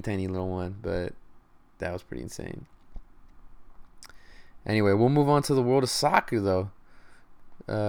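Laid-back young man, smooth low voice. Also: darkish tone. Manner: laid-back, slangy, thinks aloud with fillers. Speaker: podcast host. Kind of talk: casual sports podcast chat.

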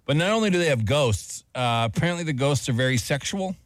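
A male radio host telling stories in casual banter, laughing often and jumping into a high register for emphasis. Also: animated, quick pace, no echo. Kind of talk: casual morning show banter.

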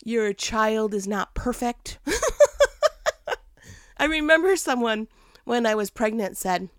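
A mother telling a casual personal story with a life lesson, animated and laughing often as she acts out what people said. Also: fairly high pitch, measured pace, dry recording, studio quality.

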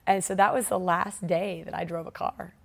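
A woman guest in an interview, telling a personal story in a lively, candid way and laughing now and then as she talks. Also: fairly low pitch, normal speed, creaky. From United States.

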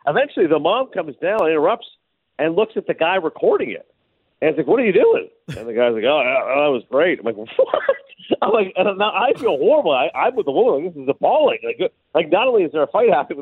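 A man co-hosting a casual radio chat, telling stories in a lively way, calling in from away. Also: on the high side, quick pace, slightly rough, no room sound. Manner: animated storyteller. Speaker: co-host. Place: remote, away from studio. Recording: tinny phone line, dry.

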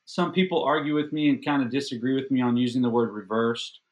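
Animated middle-aged man telling a story. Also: medium pitch, fast. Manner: animated, self-deprecating, repeats words when excited. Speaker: podcast guest. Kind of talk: casual personal storytelling.

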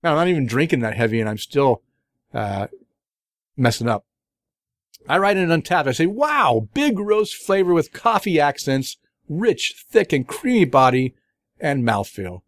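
This middle-aged podcast host has a high-leaning, sing-song voice at normal speed. His casual beer review chat is enthusiastic and rambling, with fillers and restarts as he covers beers he's tried. Recorded at studio quality with no room sound.

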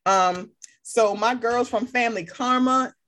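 A woman chatting casually on a podcast, animated and profane as she gives playful shout-outs. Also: on the high side, measured pace. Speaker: podcast guest. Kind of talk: casual chat.

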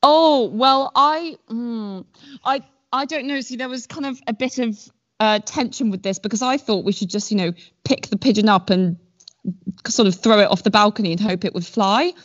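A woman's voice: on the high side, moderate pace. A woman guest on a podcast, telling stories in a rambling, self-deprecating way with many fillers. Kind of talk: casual chat. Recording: dull lo-fi sound.

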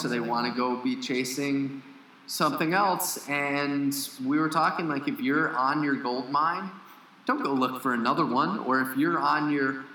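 Bright-voiced blunt man in an echoey room. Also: medium pitch, slight background noise. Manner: blunt, frank, swears casually. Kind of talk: casual conversational podcast. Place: lives in Costa Rica.

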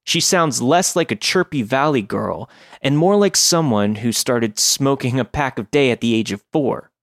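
A man narrating a scripted first-person horror story in a measured, deliberate way. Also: mid-range voice, lively intonation, dry recording, clean studio sound.

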